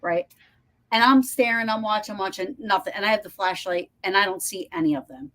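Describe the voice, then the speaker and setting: A woman hosting a podcast over a video call, telling a story in animated, breathless bursts with lots of restarts and some swearing. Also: medium pitch, a little fast. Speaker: podcast host. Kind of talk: casual storytelling chat.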